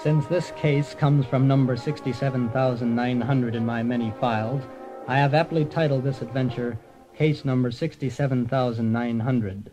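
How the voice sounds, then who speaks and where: A man's voice: medium pitch, mellow, close to an everyday voice. A man narrating and playing a bumbling, wisecracking private detective in a radio comedy. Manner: breezy, punning, self-satisfied. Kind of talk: comic radio narration and acting. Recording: dull lo-fi old radio recording.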